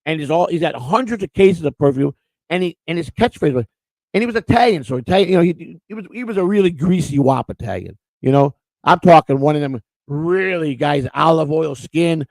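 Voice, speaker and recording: Gravelly, rambling man telling stories. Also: on the high side, a little mellow, no room sound, low-quality recording. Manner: rambling storyteller, repeats words. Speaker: co-host. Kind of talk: casual livestream chat.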